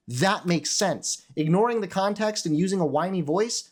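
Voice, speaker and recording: High-voiced sarcastic young man. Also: expressive, normal speed, hardly any pauses. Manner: sarcastic, profane, self-critical. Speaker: commentator reacting to his old video. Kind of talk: casual reaction commentary.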